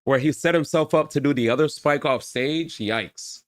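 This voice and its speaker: A man streaming reaction commentary to his chat, excitable and full of slang. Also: on the high side, moderate pace, dry recording, studio quality.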